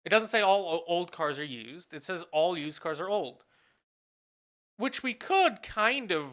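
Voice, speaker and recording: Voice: mid-range voice, lively intonation, measured pace, a bit bright. A professor giving a recorded lecture, thinking aloud, asking questions and answering them, and often correcting themself mid-sentence. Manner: asks the class questions and then answers them.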